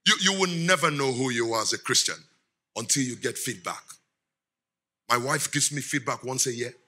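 A middle-aged man, giving a lively sermon as guest speaker, laughing often and quizzing the congregation. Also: mid-range voice, moderate pace.

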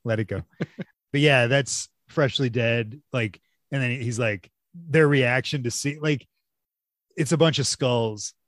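A man's voice: medium pitch, measured pace, fairly bright tone, no echo, studio quality. A man co-hosting a podcast in casual chat, enthusiastic and profane, often ending lines with "man". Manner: enthusiastic, swears, says man a lot. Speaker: podcast co-host.

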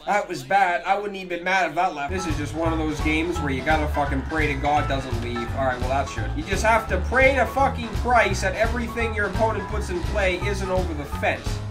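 A man giving live gameplay commentary, cursing freely and swinging between low muttering and yelling at the game. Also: fairly quick, hardly any pauses. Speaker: gaming video creator. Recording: clear game music under the voice. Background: game music.

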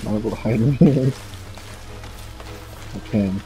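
A man's voice: fairly low pitch, takes it slowly, faint music behind, poor audio. A man chatting casually while playing a game with a friend, laughing and swearing often. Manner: laughing, swearing, yelling in bursts. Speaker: gamer. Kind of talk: casual gameplay chat.

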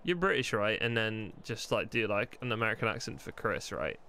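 A man's voice: lowish voice, very animated, brisk, sharp tone, smooth. A man streaming a roleplay game live from home, chatting to viewers in a loose, rambling way, swearing freely and thinking aloud as he plays.

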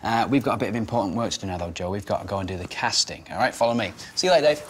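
A man presenting a kids' TV show in an excitable, jokey, self-mocking way. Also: on the low side, very fast, noisy background.

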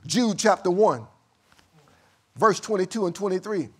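Reading scripture as part of his sermon, a male pastor keeps a measured cadence, moving from soft, low lines to loud, high bursts. His intonation is lively and his voice slightly rough.

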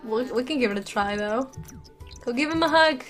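Giggly high-voiced woman playing a game. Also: moderate pace, soft background music. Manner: giggly, chatty, reacts aloud to the game. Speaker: gaming YouTuber. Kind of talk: let's play commentary. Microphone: desk USB microphone.

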